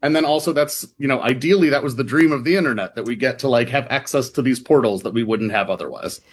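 A man in an interview, talking as a reporter at a medium pitch. He explains in loose, chatty runs full of fillers and restarts, and now and then mimics other voices playfully. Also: fast talker, husky. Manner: rambling with many fillers and restarts. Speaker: reporter guest. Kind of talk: casual explanatory chat.

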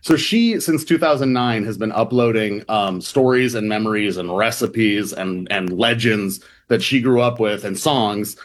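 A man's voice: on the low side, a little slow, few pauses. Man from the Midwest, radio interview guest, conversational and filler-heavy. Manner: chatty, lots of fillers and "like". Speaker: reporter guest.

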